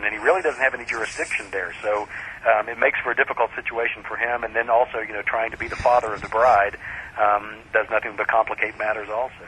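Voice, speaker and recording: Fast-talking, bright-voiced male author. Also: medium pitch, slight background noise, low-quality recording. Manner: peppers speech with "you know" and "like that". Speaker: crime fiction author. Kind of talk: casual radio interview chat.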